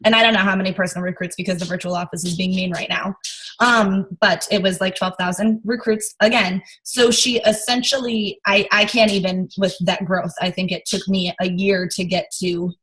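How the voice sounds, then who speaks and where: A chatty woman hosts a team training over a video call, talking in quick, rambling bursts full of fillers. Her voice sits at a middle pitch, and she jumps from story to story as she introduces a guest. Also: steady tone, fairly bright tone, low-quality recording. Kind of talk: casual chat.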